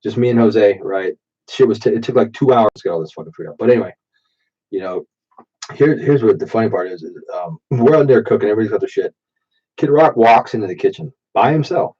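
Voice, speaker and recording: A man's voice: on the low side, lively intonation, fast talker, dark tone, husky. A man in his late thirties with a stuffy nose from allergies, telling rambling, profane stories on a late-night live stream while drinking. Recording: dull, muffled default mic.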